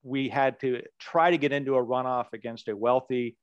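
A man, a political ad maker, telling a lively campaign anecdote as an interview guest, often repeating words as he goes. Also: mid-range voice, moderate pace, smooth, no room sound, highs cut off. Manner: animated storyteller who repeats words as he goes.

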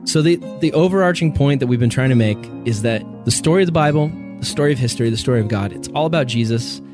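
A man's voice: medium pitch, expressive, quick pace, over music. A man co-hosting a casual faith podcast, talking animatedly, acting out little voices and laughing often. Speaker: podcast co-host. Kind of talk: casual theological discussion.

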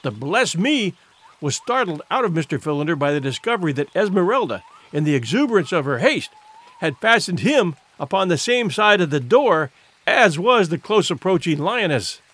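A man narrates a classic adventure tale in a fairly high voice. His pitch moves a lot, rising and falling with the drama. The reading is expressive and theatrical, in a scripted storybook manner. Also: fairly quick. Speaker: audiobook narrator.

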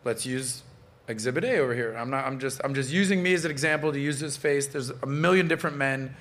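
A man's voice: medium pitch, quick pace, fairly bright tone. A man around forty hosting a podcast, brash, joking and profane in casual chat. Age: late 30s to early 40s. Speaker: podcast host.

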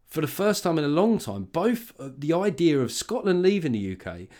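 A man's voice: on the high side, very animated, normal speed, darkish tone. A man hosting a podcast in loose, casual political chat, swearing freely and laughing often. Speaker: podcast host.

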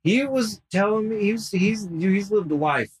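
A podcast host who is also a tattoo artist tells stories from a workshop, cursing freely and acting out the quotes in a laid-back way. His voice sits high with lively intonation, a slightly slow pace, and a husky edge. The audio quality is poor.

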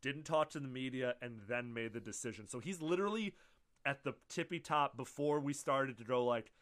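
A man co-hosting a casual podcast, talking animatedly and swearing often, slipping into quoted voices. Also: mid-range voice. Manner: animated, profane, quick to quote others in put-on voices. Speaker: podcast co-host. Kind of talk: casual chat.

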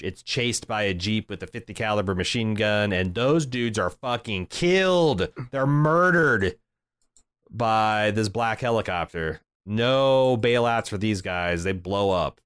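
A man's voice: lowish voice, a bit bright, clean tone, no echo, studio quality. A man co-hosting a podcast, recapping a TV episode in a casual, sardonic and profane way. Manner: sardonic, profane, quotes the show in put-on voices. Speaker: podcast co-host.

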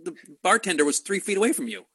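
Man, sarcastic movie podcaster, slightly high pitch, bright sound. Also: big pitch swings, fast, slightly rough. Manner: exasperated, sarcastic complaints. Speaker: podcast co-host. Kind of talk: casual movie-review chat.

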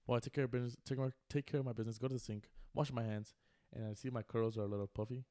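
A man in his twenties co-hosts a podcast in casual chat, telling a long, laid-back story packed with slang and fillers. His warm, medium-pitched voice races with fairly even intonation, recorded at studio quality with no room sound.

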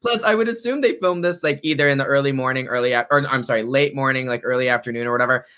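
A man appearing as a guest on a casual recap podcast, talking in an animated, exclamatory way and laughing often. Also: medium pitch, very fast, smooth. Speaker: magazine writer guest.

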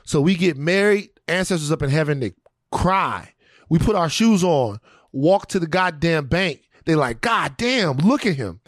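A man co-hosting a podcast, riffing in an animated, profane, comedic way. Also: on the high side, normal speed, no echo, studio quality. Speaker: podcast co-host. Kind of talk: casual comedic chat.

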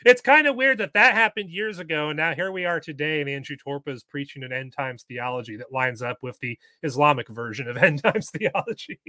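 A man's voice: fairly high pitch, fairly quick, few pauses, pushed and bright, dry recording. A man speaking as a podcast guest in an emphatic, lecturing way. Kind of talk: casual interview chat.

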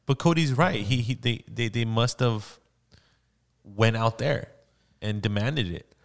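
A man co-hosting a podcast, cutting in with halting questions and repeated words. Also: mid-range voice, creaky. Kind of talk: podcast discussion.

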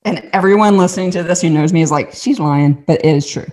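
A woman with a Southern accent from the American South speaks quickly in a lowish, slightly mellow voice. As a podcast host and guest storyteller, she shares a personal faith story in an earnest, chatty way, acting out the quotes.

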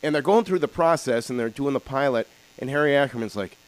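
A man with a mid-range voice hosts a podcast, speaking fast as he tells a story casually. He's a rambling, animated storyteller who leans on lots of filler words.

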